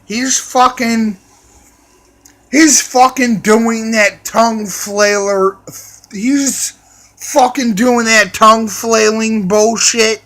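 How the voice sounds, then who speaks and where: A man's voice: sits high, steady tone, slow, fairly bright tone. A man telling a crude, swear-filled story in a rambling way, restarting and repeating himself. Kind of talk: profane storytelling rant.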